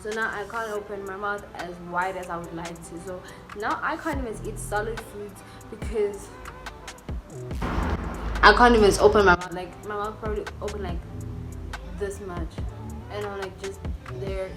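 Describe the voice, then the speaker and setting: Young woman, storytime vlogger, mid-pitched, candid and emotional, loose casual delivery, music bed underneath. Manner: candid and emotional, full of 'like' and 'you know'. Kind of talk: storytime vlog, casual chat. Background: background music.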